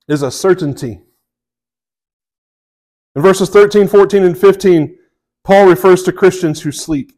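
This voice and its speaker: Here a male pastor with a high-pitched, slightly mellow voice is heard over poor audio. Preaching in a conversational style, he often checks in with his audience and reads scripture aloud with rising emphasis.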